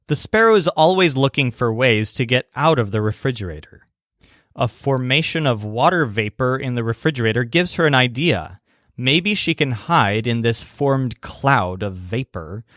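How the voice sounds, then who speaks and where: A man teaching a language lesson in scripted narration, slowing down to spell out foreign words and their stresses. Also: medium pitch, fairly bright tone, dry recording, clean studio sound.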